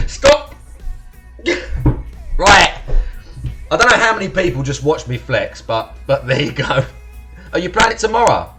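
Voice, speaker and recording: A man's voice: on the high side, sing-song, brisk, music in the background. A young man from Essex with an estuary accent, chatting casually and swearing as he hosts a live stream, thanking followers and laughing often. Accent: Essex estuary English. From Essex, England. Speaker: livestream host.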